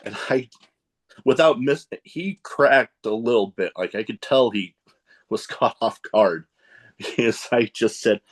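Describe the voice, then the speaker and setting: A man's voice: medium pitch, a little slow. A man hosting a podcast, asking questions in a loose, joking way and drifting into tangents. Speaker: podcast host. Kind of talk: casual interview chat.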